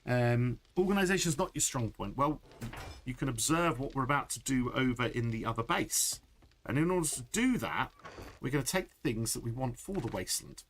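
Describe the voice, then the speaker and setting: A man's voice: medium pitch, lively intonation, normal speed, fairly bright tone, a little hiss or hum. A middle-aged man chatting through a live gameplay stream, laughing often and answering chat. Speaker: game streamer.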